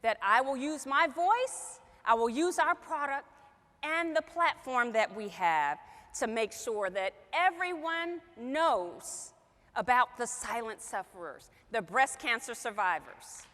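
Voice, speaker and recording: A woman's voice: fairly high pitch, animated, takes it slowly, sharp tone, in a large hall. A woman telling an emotional story to a group as a sales trainer, acting out the quoted dialogue.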